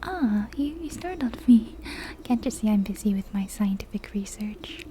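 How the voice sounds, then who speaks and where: A woman's voice: mid-range voice, expressive, moderate pace, dark tone, slight background noise, close to an everyday voice. A woman voicing a fussy, distracted bird watcher who talks in a prim, pompous way in a whispered role-play. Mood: flustered.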